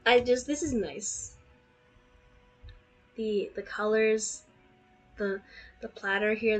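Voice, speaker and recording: A woman's voice: mid-range voice, a bit bright, rough recording. A young woman playing a fan-made game, rambling with lots of fillers and laughing as she reads the story text aloud. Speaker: game streamer. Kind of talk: let's play commentary and reading aloud.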